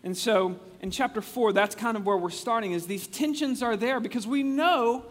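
A man preaching a casual, conversational sermon, animated and chatty, often restarting his sentences. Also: very high-pitched, normal speed. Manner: animated, chatty, acts out quotes with frequent restarts. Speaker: pastor. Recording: long reverb of a large hall.

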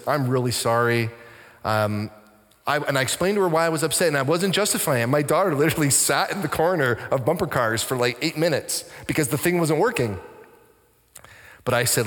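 Brief: male pastor from Canada, higher-pitched preaching voice, lively stories, hushed emphatic moments. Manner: animated storytelling, drops to soft intense tones. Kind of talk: sermon. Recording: long church reverb.

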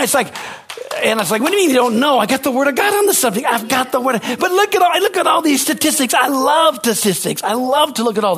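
This passionate male preacher repeats himself for effect, jumping between booming exclamations and soft, low remarks. There's a breathy quality to his voice.

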